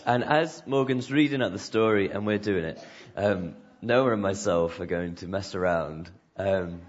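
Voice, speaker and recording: A man's voice: sits low, unhurried, lo-fi sound. A man leading a church group through a story game, joking and coaxing people to join in. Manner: jokey, coaxing the audience. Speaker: children's church leader.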